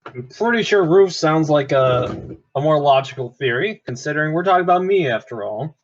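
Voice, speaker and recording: A man's voice: a little high, animated, normal speed. A man voicing a boastful male adventurer in a tabletop game, talking in a smug, self-assured way. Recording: dull lo-fi mic.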